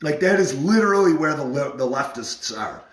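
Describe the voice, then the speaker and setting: A man's voice: a little high, expressive, normal speed, roomy sound. A man on a casual live stream, animatedly retelling an argument, repeating himself and acting out what others said.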